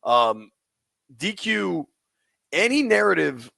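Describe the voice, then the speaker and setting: High gravelly sports radio host. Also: male voice, sing-song, slow pace, pushed and bright, dry recording. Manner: casual, slangy, takes calls.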